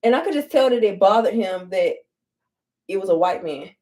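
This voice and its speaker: A woman's voice: medium pitch, animated, normal speed, dark tone. A young woman telling stories to viewers in a casual get-ready-with-me vlog, blunt and full of profanity. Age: young adult. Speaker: vlogger.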